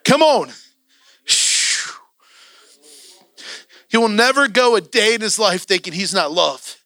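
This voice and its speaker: A male preacher delivers an impassioned sermon in a church, urging his congregation on. His voice is high and bright, with a forceful edge. The sound is dry and close. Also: lively intonation, takes it slowly, dry recording.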